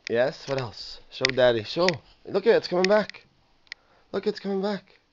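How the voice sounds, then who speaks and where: A father in a home video gently coaxing his toddler, repeating questions and prompts over and over. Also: high-pitched, expressive, normal speed. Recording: muffled home video with faint noise.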